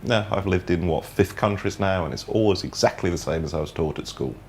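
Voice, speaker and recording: A man's voice: low-pitched, brisk, a little mellow, a little hiss or hum. An English man hosting a morning TV show, chatting casually with dry, teasing humour. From England, near Birmingham. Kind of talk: casual studio chat.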